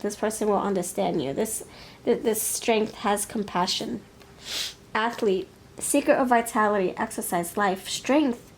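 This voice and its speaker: A woman's voice: medium pitch, a little slow, a little hiss or hum. Musing woman giving a tarot reading. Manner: musing, hesitant, laughs often. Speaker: tarot reader. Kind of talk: pick-a-card tarot reading.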